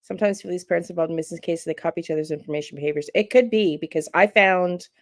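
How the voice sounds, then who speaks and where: A woman hosting a true crime channel, chatting casually and reacting out loud to a clip and to her viewers. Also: on the low side, fast talker, no room sound. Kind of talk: casual live-stream commentary.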